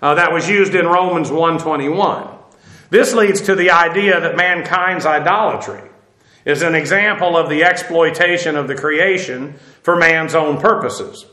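Bright-voiced man teaching the Bible. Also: fairly high pitch, unhurried. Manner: conversational, with emphatic asides. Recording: roomy echo.

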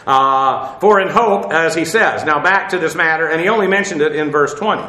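A man teaching a Bible passage verse by verse, halting with many fillers and spelling out Greek words letter by letter. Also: on the high side, pushed and bright, reverberant, low-quality recording.

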